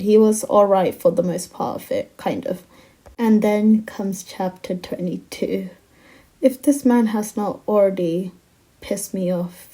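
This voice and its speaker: Exasperated woman ranting, mellow voice. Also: medium pitch. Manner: animated and exasperated, heavy use of "like". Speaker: anime commentator. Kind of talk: casual recap rant.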